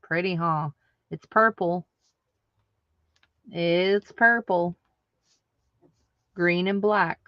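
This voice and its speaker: A woman runs a live online craft sale in a relaxed, chatty way, answering viewer comments aloud as she goes. Her voice sits a little low and she takes her time. The sound is dry and a bit dull, like a lo-fi stream. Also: drawn-out words, pauses often, no echo. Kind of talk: casual live-selling chat.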